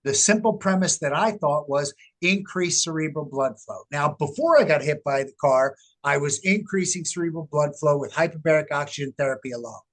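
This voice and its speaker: A middle-aged man, a researcher, telling his story in an interview with animated, emphatic delivery. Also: on the high side, brisk, hardly any pauses. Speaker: guest, researcher. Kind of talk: casual interview talk.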